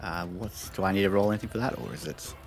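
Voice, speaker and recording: A man narrating a tabletop game as game master, relaxed and hesitant with many fillers. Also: fairly low pitch, fast, creaky, faint music behind.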